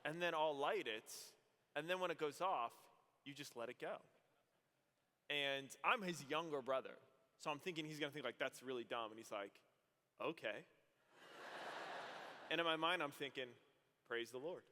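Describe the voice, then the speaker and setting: A young adult man from Arizona, a priest giving a youth conference homily, telling stories in an animated way and acting out voices. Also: on the high side, normal speed. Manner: animated storytelling, acts out voices. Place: large hall. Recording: echoey hall, long reverb.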